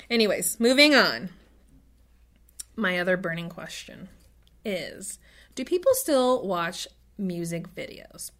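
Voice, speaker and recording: A woman's voice: medium pitch, fairly bright tone. A woman co-hosting a podcast, chatting casually, laughing often and trailing off mid-thought. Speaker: podcast co-host. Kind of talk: casual chat.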